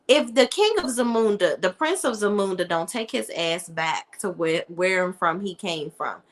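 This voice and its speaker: A young adult woman giving a casual, opinionated TV review in an animated, sassy manner, talking straight to her viewers. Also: medium pitch, moderate pace. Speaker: TV show reviewer.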